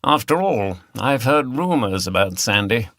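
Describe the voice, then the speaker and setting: A man's voice: mid-range voice, sing-song, unhurried, fairly bright tone, no room sound, studio quality. A man reading the part of a smug, cold middle-aged businessman who talks in a sly, insinuating way. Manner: sly, insinuating, self-satisfied.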